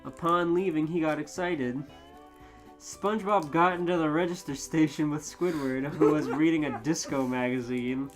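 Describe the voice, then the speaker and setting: A man co-hosting a comedy podcast, reading fan fiction aloud with mock drama and bursts of shouting. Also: on the high side, steady tone, normal speed, over music. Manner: reads aloud with sudden loud shouted quotes and laughs.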